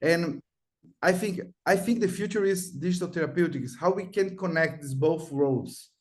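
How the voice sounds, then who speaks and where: A man's voice: on the high side, normal speed. A man, a doctor moderating a webinar, asking questions politely with some hesitation.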